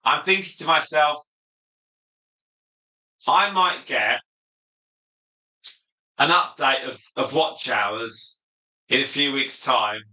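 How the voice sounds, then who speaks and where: A man's voice: mid-range voice, takes it slowly, pauses often, bright, forceful tone, echoey room, low-quality recording. A man hosting a casual livestream, chatting freely as he reads out viewer comments and replies to them. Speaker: livestream host.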